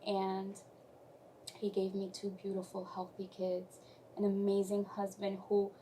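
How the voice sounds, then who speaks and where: A woman guest sharing a personal testimony in conversation, speaking softly and reflectively, then rising into emotional emphasis. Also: medium pitch, monotone, unhurried, a little hiss or hum, poor audio.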